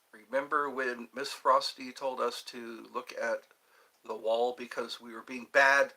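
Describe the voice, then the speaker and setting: Unhurried and medium-pitched, with little pitch movement, this middle-aged livestream host from Georgia in the Deep South has a bright, forceful tone. He wanders through memories while responding to people in his chat on a casual stream.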